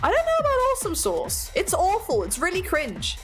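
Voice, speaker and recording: British woman streamer, chatty and giggly, lively pitch, music quietly behind. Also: a little fast. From Britain. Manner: chatty, giggly, self-mocking. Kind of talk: casual chat stream. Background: faint music playing.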